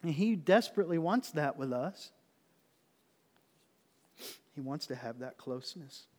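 A fairly high-voiced man preaches to his congregation, talking earnestly and plainly as if to friends. He sometimes drops to a near-hush to make a point. His voice rings with the long reverb of a church hall. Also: lively intonation, a little slow. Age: adult. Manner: earnest and conversational, dropping to a hush for tender points. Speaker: pastor. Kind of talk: sermon.

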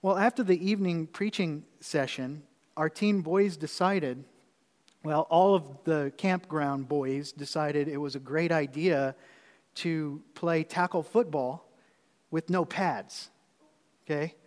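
A man's voice: fairly high pitch, takes it slowly, big-room sound. A man preaching as pastor, telling a personal story in a conversational way with repeated phrases before moving into the sermon.

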